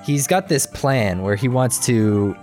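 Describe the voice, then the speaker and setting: A man in casual chat, retelling a cartoon episode in a rambling, animated way with quick quoted voices and laughter. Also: mid-range voice, faint music behind. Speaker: podcast co-host recapping a cartoon episode.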